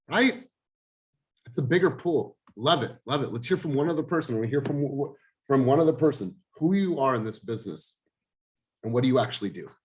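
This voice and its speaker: Intense man leading a coaching call. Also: a little high. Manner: intense, emphatic, swears. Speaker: group coaching host. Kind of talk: motivational group coaching call. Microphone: video call.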